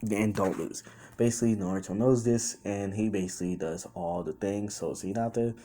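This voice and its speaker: Rambling young man with a mellow, low voice. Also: fairly even intonation, a little fast, slight background noise. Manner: rambling, with many fillers and restarts; quotes characters in his own voice. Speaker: storyteller. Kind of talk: casual improvised fan-story retelling.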